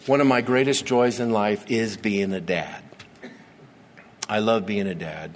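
A middle-aged male pastor preaching to his congregation, repeating key words and letting dramatic pauses hang. His voice rings out in the long reverb of a big church hall, with a faint room hum underneath. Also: fairly low pitch, steady tone. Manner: earnest preaching with dramatic slow pauses and repetition. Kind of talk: sermon. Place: church sanctuary.

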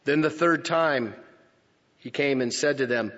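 A male pastor preaching a sermon, slow and emphatic, swinging from loud declarations to hushed near-whispers. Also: mid-range voice. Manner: slow, emphatic phrasing with pauses. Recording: lo-fi with long hall reverb.

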